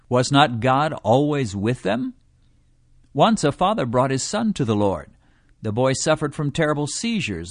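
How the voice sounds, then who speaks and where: A man reading a devotional teaching in a measured way, slowing down to stress quoted scripture. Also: medium pitch, no echo, studio quality. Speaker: preacher.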